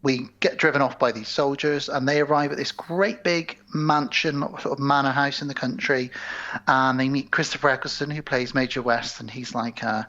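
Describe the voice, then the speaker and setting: A man's voice: medium pitch, moderate pace, bright, forceful tone. Man recapping a film, dull lo-fi sound. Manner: retells scenes, acting out characters' lines. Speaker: podcast co-host. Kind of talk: casual film recap chat.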